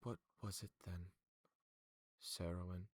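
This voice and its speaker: A man's voice: sits low, little pitch movement, breathy edge, exaggerated voice. A man voicing a shaken noble young woman. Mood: questioning. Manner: halting, earnest apologies. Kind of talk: actual-play character voice.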